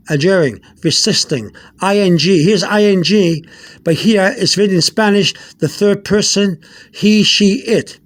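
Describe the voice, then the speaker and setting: A man with a high voice teaches a casual language lesson. He talks haltingly, repeating words and spelling out letters one by one, with plenty of uh and um between phrases. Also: a bit bright. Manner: explains slowly and spells out letters.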